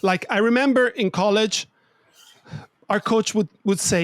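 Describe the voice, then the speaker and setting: A man's voice: high-pitched, a little slow, no room sound. A man hosting a podcast, a native Italian speaker talking in English, asking thoughtful questions while searching for his words. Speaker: podcast host. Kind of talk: casual interview chat.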